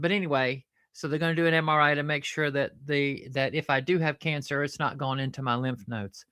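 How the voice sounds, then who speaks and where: A woman who hosts a show with her puppet and chats in a rambling, halting way. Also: deep voice, steady tone, fairly bright tone, clear, resonant tone, dry recording, studio quality. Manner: rambling, halting, fond of fillers. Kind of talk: casual chat.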